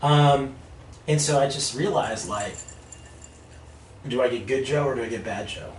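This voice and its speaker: Animated man telling stories in an echoey room. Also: medium pitch, unhurried. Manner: animated, laughs through stories, acts out voices. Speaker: podcast guest. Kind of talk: casual storytelling chat. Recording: echoey room, mic at a distance, faint noise.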